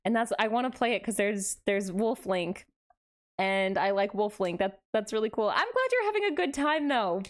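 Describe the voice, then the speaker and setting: A woman's voice: medium pitch, lively intonation, normal speed. A young adult woman streaming casually, greeting chat with gasps and laughs. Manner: bubbly, gasping greetings to chat, frequent laughs. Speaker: VTuber streamer.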